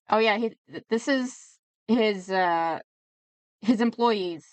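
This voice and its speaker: A woman's voice: mid-range voice, slow, clean tone, no room sound. A young woman reviewing a webcomic in casual, sarcastic commentary, a little tipsy from drinking. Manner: chatty and sarcastic, riffing on the comic.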